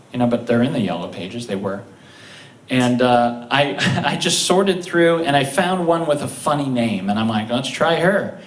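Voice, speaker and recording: A man telling funny stories on stage at a live show, chuckling through them with halting restarts. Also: mid-range voice, slight background noise. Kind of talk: live comedic storytelling. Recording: roomy, distant live-stage mic.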